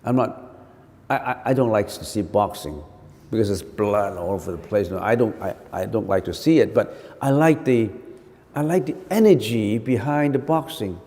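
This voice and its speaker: A man teaching meditation as a Buddhist monk, giving an animated dharma talk full of rhetorical questions and repeated phrases. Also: on the low side, moderate pace. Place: temple hall. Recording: long reverberant hall.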